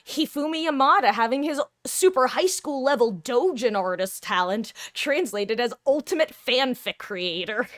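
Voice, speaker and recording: A woman gaming streamer in casual live-stream chat, rambling and animated, laughing often. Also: mid-range voice, no room sound.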